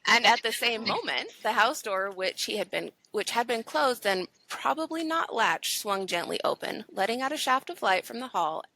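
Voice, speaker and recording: A woman's voice: on the high side, lively intonation, moderate pace, few pauses, background noise. A woman podcast co-host reading a ghost story aloud to her friends, with laughs in between. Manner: reads expressively, laughs easily.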